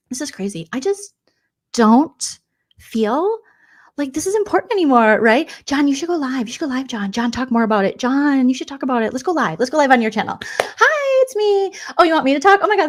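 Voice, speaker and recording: A woman doing a comedic impression of a catty, self-absorbed 54-year-old female streamer, rambling and gossipy with valley-girl fillers. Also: high-pitched.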